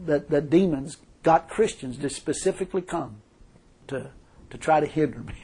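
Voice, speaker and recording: A man's voice: on the high side, expressive, a little slow, slight background noise. A man preaching a fervent sermon, telling a story and repeatedly crying hallelujah.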